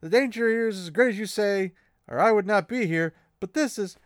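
A man's voice: high-pitched, brisk, no room sound, pitched above the performer's own voice, lightly acted. A man voicing an upset, stern young woman healer, raising his voice in a dry close recording. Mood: indignant.

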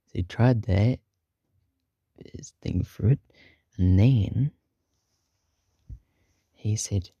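A man spins an improvised podcast story at an unhurried pace, rambling through fillers. His voice is dark and mellow but lively in pitch, recorded close and dry. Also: breathy edge, dry recording, dull audio. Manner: rambling, many fillers, chuckles at own jokes.

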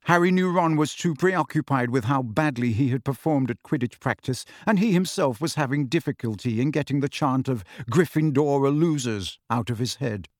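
A man reading an audiobook aloud in an expressive storytelling manner. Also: mid-range voice, a little fast, hardly any pauses, no room sound, studio quality. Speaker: audiobook narrator. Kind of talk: scripted audiobook narration.

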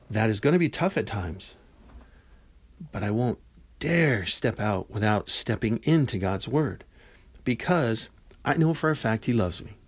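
A man in his fifties talks through his faith on a podcast in a warm, mid-pitched voice. He speaks casually and animatedly, slipping into quoted dialogue as he tells stories. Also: slightly rough. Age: 50s. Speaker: podcast host. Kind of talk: Christian devotional podcast talk.

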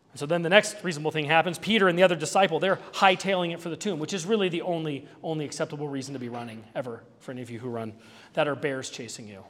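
A male pastor giving an Easter sermon in a conversational, animated way, with asides and small jokes. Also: on the high side, racing, big-room sound.

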